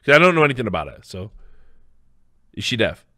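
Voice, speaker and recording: A man's voice: medium pitch, big pitch swings, quick pace, bright, forceful tone, no echo, clean studio sound. Rambling, profane man streamer. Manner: rambling, profane, laughing asides. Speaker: live stream host. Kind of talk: casual reaction commentary.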